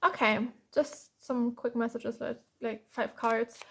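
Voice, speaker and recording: A woman's voice: on the high side, steady tone, slow, vocal fry, fairly bright tone, breathy edge. Tired German tarot reader, woman. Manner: tired and frustrated, many restarts and sighs. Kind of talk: tarot reading to camera.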